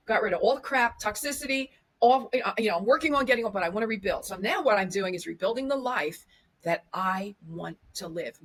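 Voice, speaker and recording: A woman with a fairly high, bright voice appears as a podcast guest and media coach, offering motivational advice in an interview. She speaks emphatically, repeating lists and restarting sentences.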